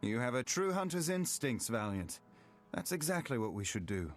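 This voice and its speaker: An actor voicing a wounded, earnest young elf hunter in a video game, speaking in a formal, determined way. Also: male voice, mid-range voice, big pitch swings, normal speed, close to an everyday voice. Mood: eager. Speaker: game character.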